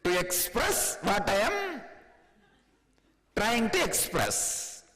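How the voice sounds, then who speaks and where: A man from India with an Indian accent giving a spiritual discourse, chuckling often and speaking in an animated, teasing way. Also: high voice, very slow, big-room sound, rough recording. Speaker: spiritual teacher.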